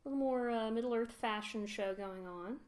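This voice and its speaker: A woman's voice: on the high side, moderate pace, a little mellow. A woman giving casual, rambling, sarcastic commentary over a video game playthrough, laughing often. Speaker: let's play commentator.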